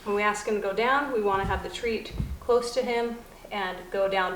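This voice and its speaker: A woman dog trainer explaining puppy commands in a calm teaching manner, softly praising the puppy between steps. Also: mid-range voice, moderate pace, hardly any pauses. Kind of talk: instructional demonstration. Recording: echoey room, faint noise.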